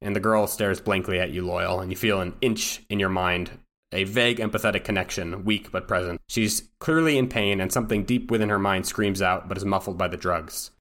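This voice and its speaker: Man, game master, tabletop game narration, steady, descriptive, lowish voice. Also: fairly quick.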